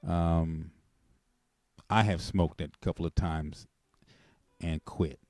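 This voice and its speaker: A man hosting a call-in show, telling a personal story in a rambling, animated way with chuckles. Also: low-pitched, slow pace, dry recording, studio quality. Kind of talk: casual testimony on a call-in show.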